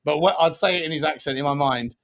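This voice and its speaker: A man's voice: on the high side, fast, rough recording. A man hosting a casual football podcast, bantering in slang. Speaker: host.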